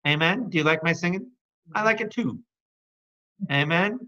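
A man's voice: on the high side, lively intonation, moderate pace, bright, forceful tone. Playful man preaching a Bible study. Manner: calls out to the audience with repeated questions; playful, jokes and breaks into song. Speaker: priest teaching a Bible study. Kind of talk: lively Bible study teaching. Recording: dull lo-fi recording.

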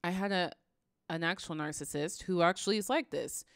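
A woman hosting a reaction video, commenting in a casual, animated way with frequent sighs. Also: fairly low pitch, fairly quick, smooth, dry recording, clean studio sound. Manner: animated, sighing, ranting.

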